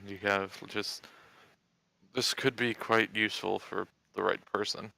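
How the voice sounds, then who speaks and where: A man's voice: lowish voice, little pitch movement, unhurried, vocal fry, pushed and bright, dry recording, low-quality recording. A man playing a tabletop game, casually describing his character in the third person. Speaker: player. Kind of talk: tabletop role-play.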